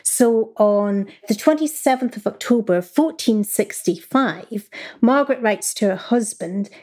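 A woman historian being interviewed, explaining her subject in a clear, measured, conversational way. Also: a little high, warm tone. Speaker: historian guest.

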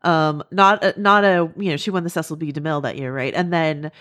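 A woman hosting a podcast, talking in quick, chatty asides with plenty of fillers. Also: low voice, a bit bright. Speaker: podcast host. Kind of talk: casual chat.

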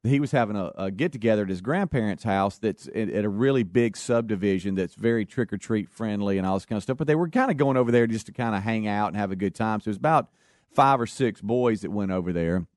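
Male co-host, folksy, animated yarn-spinner, close dry mic. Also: lowish voice, fast, no room sound. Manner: folksy, animated storyteller acting out quotes. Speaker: radio show co-host. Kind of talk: casual storytelling chat.

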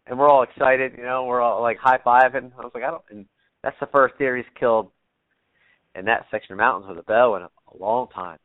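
Over a tinny remote line that sounds like a phone, a man with a mid-range voice speaks fairly quickly in a steady tone, with no room sound. He's a bow hunter on a podcast, rambling through a story with lots of fillers and offhand cursing.

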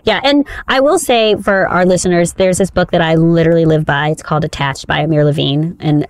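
A woman's voice: low-pitched, brisk, no room sound. Woman cohosting a podcast, playful and laughing a lot, dry close sound. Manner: animated, laughs often, playful. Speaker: podcast co-host. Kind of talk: casual chat.

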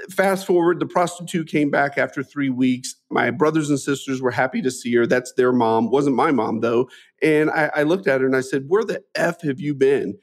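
A man in his forties speaks as a guest in a conversational interview, telling his life story with earnest, animated energy. He restarts phrases often and drops in a friendly "man" as he talks. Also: mid-range voice. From Midwestern US. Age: 40s.

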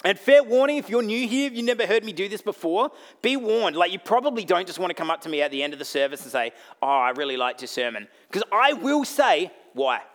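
A man with an Australian accent preaching a sermon as pastor, blunt and jokey, swinging between loud bursts and quiet asides. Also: high-pitched, expressive, fast, hardly any pauses.

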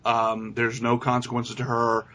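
A man's voice: medium pitch, completely flat delivery, a little slow, pushed and bright. Guy ranting about a movie, swears a lot, blunt, just chatting with his cohost. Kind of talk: casual movie review chat.

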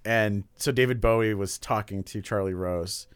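A man's voice: lowish voice, normal speed, clear, resonant tone, no echo. A young man chatting casually on a podcast, rambling and laughing as he tells a story. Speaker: podcast host.

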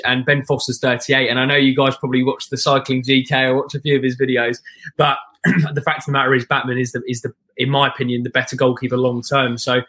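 A man's voice: mid-range voice, bright, forceful tone. Rambling man talking football as a fan guest. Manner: long-winded, frequent restarts and throat clearing. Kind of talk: casual podcast chat.

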